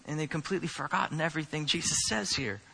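A male pastor delivering a sermon earnestly, moving between hushed asides and emphatic stresses. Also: on the high side, fast talker, gravelly, breathy edge, in a large hall.

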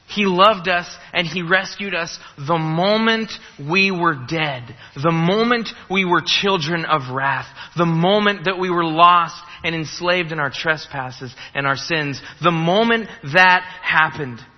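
A pastor with a fairly high voice preaches slowly with few pauses, emphatically repeating key phrases and posing rhetorical questions. The recording is dull and lo-fi, with hall reverb.

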